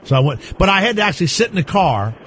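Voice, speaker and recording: A man hosting a comedic radio talk show, teasing callers and guests in an animated way. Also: high voice, very fast, a little hiss or hum. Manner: animated, teasing, breaks into shouts and laughs.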